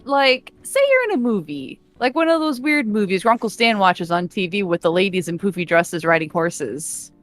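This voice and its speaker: A woman's voice: mid-range voice, lively intonation, faint music behind, close to an everyday voice. A woman voicing a nosy, bubbly young girl. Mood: scheming. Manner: rapid-fire questions, teasing. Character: cheerful nosy young girl, pushy and playful.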